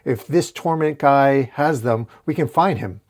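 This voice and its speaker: A man's voice: mid-range voice, a little slow, darkish tone, close to an everyday voice. A man reading as a quippy young superhero. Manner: joking, quippy. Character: wisecracking young male superhero.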